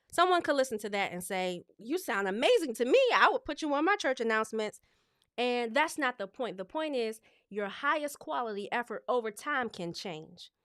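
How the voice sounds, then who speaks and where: Woman coaching on speech live, smooth clear voice, super dry sound, very expressive. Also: mid-range voice, no room sound. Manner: lively, expressive, conversational.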